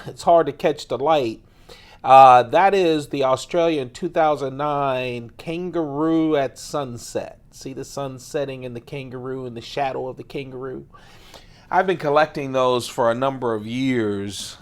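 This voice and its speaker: A man hosting a casual show-and-tell vlog, playful and enthusiastic, chuckling often and drawing words out for emphasis. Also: medium pitch. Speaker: host of an everyday-carry knife channel.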